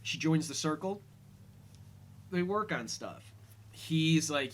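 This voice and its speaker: A man with a bright, forceful voice talks through an episode recap in a loose, casual way. He rambles, leans on "um" and "like", and acts out bits of dialogue as he goes. His pitch sits in an ordinary middle range. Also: takes it slowly. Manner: rambling, many fillers, retells scenes in quoted lines. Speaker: podcast host.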